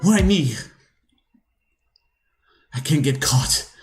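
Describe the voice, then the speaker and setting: A man's voice: fairly high pitch, lively intonation, drawn-out words. A man voicing a panicked male killer who mutters about pinning the crime on someone else. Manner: frantic, muttering schemes. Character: panicked male killer covering his tracks. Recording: roomy room with game music.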